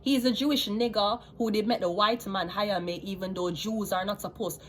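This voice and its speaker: A woman vlogger with a Jamaican accent delivers a heated, profane, unscripted rant to her viewers, switching between patois and standard English. Her pitch is medium, her intonation fairly even, and her pace moderate.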